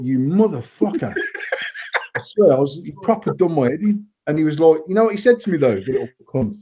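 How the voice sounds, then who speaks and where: Sweary man telling stories. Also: medium pitch. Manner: sweary storytelling, lively and blunt. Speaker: host and vape company owner. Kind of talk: casual banter chat. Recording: dull lo-fi live stream audio.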